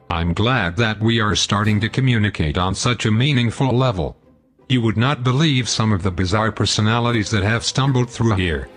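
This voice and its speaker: A man hosting a scripted comedy show, pompous, long-winded and sarcastic. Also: fairly low pitch. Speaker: host.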